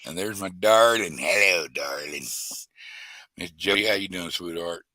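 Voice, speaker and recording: A man's voice: low voice, measured pace, pushed and bright, no room sound. A man chatting casually on a live stream, folksy, with a lot of stammering and restarts. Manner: folksy, stammering, greets chat by name. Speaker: guest co-host of a live stream.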